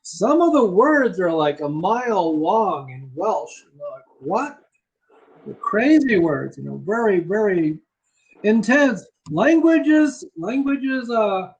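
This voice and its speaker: Slow-talking high-voiced male tutor. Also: husky, muffled recording. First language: English. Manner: emphatic, repeats key phrases. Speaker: English tutor. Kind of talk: casual conversation lesson. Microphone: video call.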